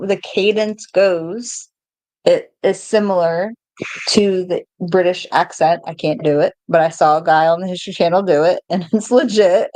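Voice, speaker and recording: A woman's voice: lowish voice, steady tone, moderate pace, darkish tone, no room sound, rough recording. A woman co-hosting a podcast, telling stories in casual banter and laughing as she talks. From United States. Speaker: podcast co-host.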